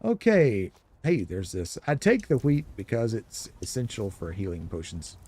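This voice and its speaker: A man's voice: fairly low pitch, sing-song, normal speed, mellow, slightly rough. A man giving casual, rambling commentary while streaming a video game. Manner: chatty, rambling, explanatory. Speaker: gaming streamer.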